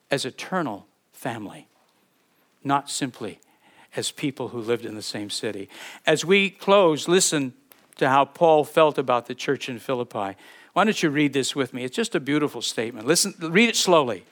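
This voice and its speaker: A man's voice: mid-range voice, expressive, a bit bright. A man preaching a sermon as a pastor, earnest and fervent, who leads a closing prayer and blessing. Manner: earnest, fervent, slowing to read scripture aloud.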